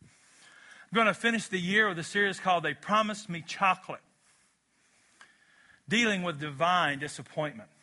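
A man pastor delivering an emphatic, animated sermon, acting out little scenes as he preaches. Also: high voice, moderate pace, pauses often.

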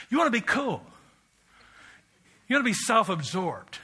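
A middle-aged man preaching a sermon, telling stories with self-mocking humor and bursts of loud exclamation. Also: high voice, very animated, measured pace, slightly rough. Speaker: pastor.

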